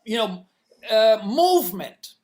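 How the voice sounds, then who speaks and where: Slow, halting man searching for words. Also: high voice, big pitch swings. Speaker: comics inker, guest. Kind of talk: interview answers.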